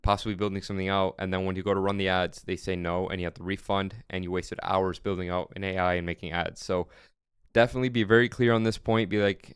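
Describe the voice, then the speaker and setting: A man's voice: sits low, flat delivery, fast, clean tone, no room sound, studio quality. A young man who owns an agency, casually walking viewers through his sales slides in a coaching tone, often repeating words. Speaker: agency owner. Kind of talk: casual walkthrough.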